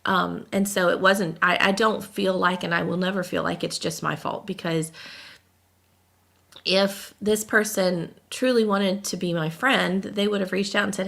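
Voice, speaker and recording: Gravelly-voiced woman venting near tears. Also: medium pitch, steady tone, measured pace, a bit bright. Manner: emotional, venting, close to tears. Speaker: podcast co-host. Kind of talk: casual podcast chat.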